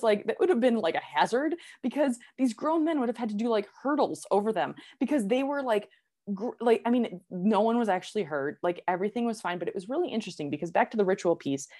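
A young woman telling a story in casual chat, animated and full of "like" fillers, laughing as she goes. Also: mid-range voice.

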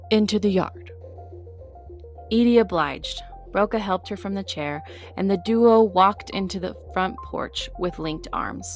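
A woman reading an audiobook story in a steady storytelling manner. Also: fairly low pitch. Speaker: narrator. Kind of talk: audiobook narration.

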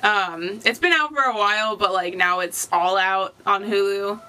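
A woman's voice: mid-range voice, moderate pace, pushed and bright, clear, resonant tone. A woman co-hosting a podcast in casual chat, talking in a chatty, giggly way. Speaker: podcast co-host.

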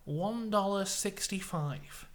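A man telling an absurd story in a deadpan, mock-serious way, with ums and uhs. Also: high-pitched, slow pace. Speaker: podcast co-host, storyteller.

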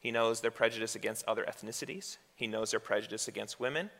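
A man's voice: fairly low pitch, fast talker, a bit bright. A male pastor preaching a sermon in a conversational way, asking rhetorical questions as he goes. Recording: long hall reverb.

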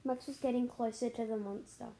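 Warm-voiced woman reading a bedtime story. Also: fairly high pitch, poor audio. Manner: expressive, dramatic pauses and sound words. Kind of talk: children's story read-aloud.

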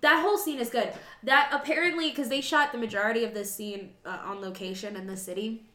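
A young woman talks through a film with friends in a high, bright-pitched voice. She is animated, laughs often and acts out lines. The room around her is noticeably echoey. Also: fast talker. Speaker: podcast co-host. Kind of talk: casual chat.

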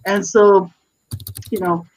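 A middle-aged guest author giving a personal testimony in an interview, earnest and halting, with many restarts. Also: mid-range voice, little pitch movement, slight background noise, rough recording.

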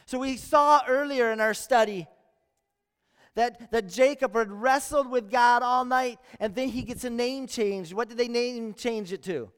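A male pastor with a very high voice preaches a sermon in a church sanctuary, earnest and full of rhetorical questions and repeated phrases. His delivery is measured, a bit bright and smooth, with long church hall reverb on the recording.

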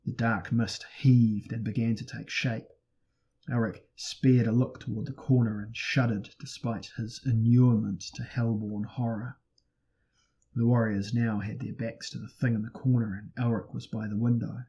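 A man reading a fantasy audiobook in a steady, dramatic narration. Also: mid-range voice, normal speed, dull audio.

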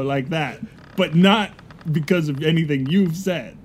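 A man's voice: fairly high pitch, unhurried, husky. A man improvising a pirate crewman in a comedy scene, with playful, jokey banter. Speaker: podcast co-host.

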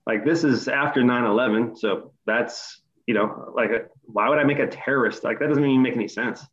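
A middle-aged man in casual chat, retelling a story with animated, profane energy. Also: medium pitch, normal speed, lo-fi sound. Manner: animated, profane retelling, voice rising in quoted outbursts.

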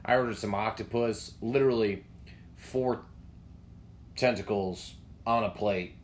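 A man's voice: lowish voice, a little slow, a little hiss or hum. A young man co-hosting a podcast, telling rambling, profane stories in casual chat. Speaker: podcast co-host.

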